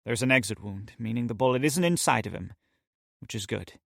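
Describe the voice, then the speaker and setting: A man's voice: mid-range voice, fairly quick, vocal fry, fairly bright tone, dry recording, studio quality. A man voicing a curt, wary woman doctor. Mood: brisk. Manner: curt, practical.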